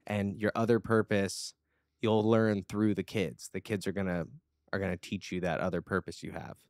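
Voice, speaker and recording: A man's voice: low voice, flat delivery, normal speed, no echo, studio quality. A man co-hosting a podcast, chatting casually and earnestly, rambling with lots of fillers. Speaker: podcast co-host. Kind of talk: casual chat.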